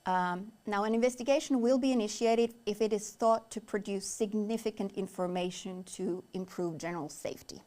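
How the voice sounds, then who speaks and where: A woman from Finland, a native Finnish speaker, presenting a safety investigation at a formal briefing, measured and pausing on fillers. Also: medium pitch, warm tone. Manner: measured, with frequent filler pauses. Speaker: head of communications presenting an investigation.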